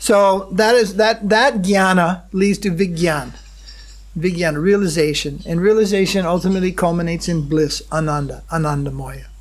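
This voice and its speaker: High-voiced man giving a devotional lecture. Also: fairly even intonation. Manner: checks in with the audience with a questioning hum; unhurried, halting, with many fillers and restarts. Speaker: spiritual teacher.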